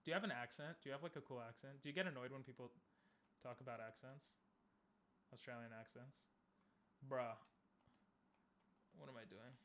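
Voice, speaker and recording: A young man casually commenting on a game he is playing, chatting with viewers and bursting into loud cheers. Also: mid-range voice, steady tone, normal speed, pauses often. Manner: talks to chat, asks viewers questions. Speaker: streamer.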